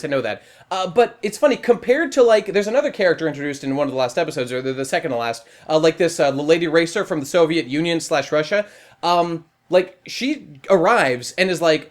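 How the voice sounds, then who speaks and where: A man giving a casual, opinionated review, in a wry rant full of swearing and filler words. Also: a little high. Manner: profane, wry, animated rant with frequent filler "like". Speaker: online video reviewer.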